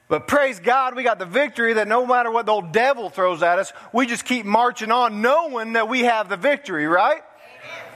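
A man's voice: sits high, fairly bright tone, big-room sound. A man, a pastor preaching a folksy sermon in a church. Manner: folksy, chuckles through the story. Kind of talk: sermon with storytelling. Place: church sanctuary.

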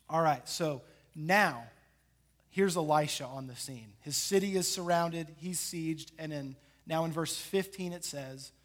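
Animated, high-voiced male preacher. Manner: animated storytelling, acting out the characters. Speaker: pastor. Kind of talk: sermon.

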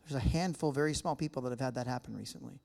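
Gravelly yet a little mellow, this mid-range male voice comes out rapid-fire. An American guest speaker, he jokes casually with a live church-hall audience and chats with people in the room.

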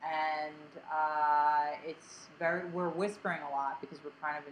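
A woman co-hosting a casual podcast, her voice sitting low and a little grating. She rambles through fillers and self-deprecating asides, and a faint hiss of noise runs under the recording. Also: little pitch movement, measured pace, rough recording. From Delaware County, Pennsylvania. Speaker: podcast co-host.

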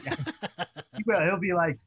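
A young man co-hosting a toy collecting show, chatting in an excitable, rambling way. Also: sits high, moderate pace, husky, rough recording. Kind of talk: casual chat.

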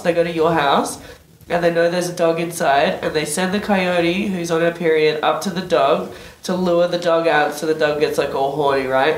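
This voice speaks at a middle pitch and tells loose, swearing stories in casual podcast talk. A roomy echo and a faint hiss hang around every word. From Australia. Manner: swearing, animated storyteller. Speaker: podcast guest. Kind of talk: casual chat.

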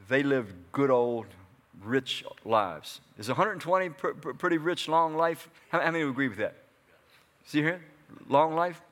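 A man delivering a sermon with a slightly raised pitch. He talks to the congregation in an easy way, firing off questions and answering them himself. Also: fairly bright tone. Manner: conversational preaching with rhetorical questions to the congregation. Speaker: pastor. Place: church hall before a congregation.

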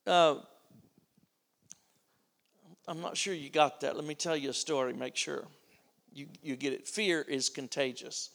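A man's voice: fairly high pitch, fairly even intonation, normal speed, creaky, fairly bright tone. A middle-aged man preaching a sermon, telling a family story and acting out its dialogue.

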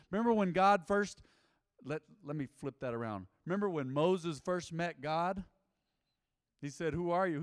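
A man's voice: fairly high pitch, clean tone, no echo, studio quality, big-room sound. A man preaching a sermon as pastor, emphatic and repeating phrases, calling on the congregation to answer back.

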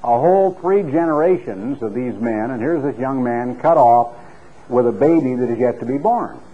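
A middle-aged man preaching a sermon with an earnest, storytelling delivery that climbs in pitch when he stresses a point. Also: lively intonation, normal speed. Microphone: clip-on microphone. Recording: tinny phone-like radio recording.

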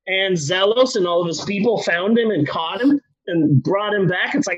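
A man retelling history for comedy in a casual, profane, animated way. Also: high-pitched, normal speed, few pauses, breathy edge, dull audio. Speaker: comedy storyteller.

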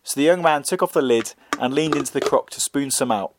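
A man narrating a folk tale in a measured, expressive storytelling reading. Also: medium pitch, background noise.

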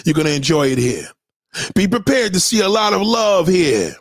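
New guy ranting on his stream, super lively pitch, blunt and foul-mouthed. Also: normal speed, no echo, clean studio sound. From New York. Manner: profane, blunt, animated ranting. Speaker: livestream host. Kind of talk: casual livestream chat reading comments.

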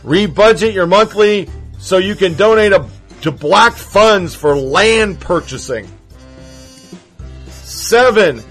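Brief: man doing a Southern older woman, preachy and demanding, slow drawl, highish voice. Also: a bit bright, slightly rough, full character voice.

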